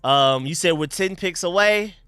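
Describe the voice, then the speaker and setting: A young man hosting a casual live stream, chatting excitedly and thanking donors. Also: sits high, normal speed, clean tone, no echo, studio quality.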